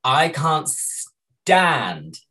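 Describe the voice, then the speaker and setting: Husky-voiced British podcast co-host. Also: mid-range voice, very animated, drawn-out words, pushed and bright. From Britain. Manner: blunt, swearing, hesitant restarts. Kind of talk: casual chat.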